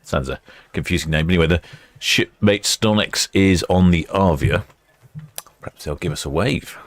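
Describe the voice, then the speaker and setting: A deep-voiced English host runs a live ship-watching stream at a quayside port camera station. At a moderate pace, he chats casually and reads viewer comments as ships depart.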